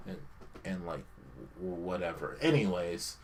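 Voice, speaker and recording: A man's voice: mid-range voice, sing-song, normal speed, a bit bright, slight background noise. A man co-hosting a casual podcast chat, ranting sarcastically and swearing freely. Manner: ranting, profane, sarcastic critique. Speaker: podcast co-host.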